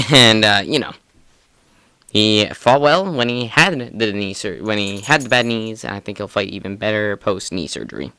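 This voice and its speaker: Young guy cohosting, swears a lot, laughs, bright crisp voice, dry sound. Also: fairly low pitch, moderate pace, no room sound. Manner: excitable, profane, laughs often. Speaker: podcast co-host. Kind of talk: casual sports chat.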